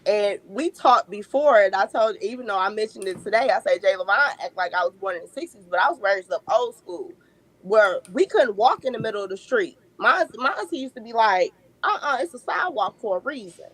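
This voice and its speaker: Woman, thirties, breathy, animated storyteller with swooping pitch. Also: fairly quick, poor audio. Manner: animated storyteller, laughs often. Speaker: guest. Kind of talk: casual podcast chat.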